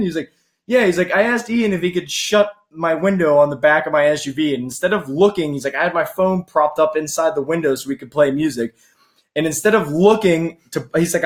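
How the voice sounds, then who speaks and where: A young man casually telling a story among friends, quoting what others said. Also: a little high. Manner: animated storyteller, quotes friends.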